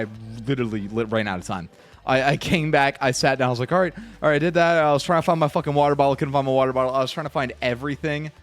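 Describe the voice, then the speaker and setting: A man streaming from home, reacting live in a rambling, profane way and repeating himself when worked up. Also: medium pitch.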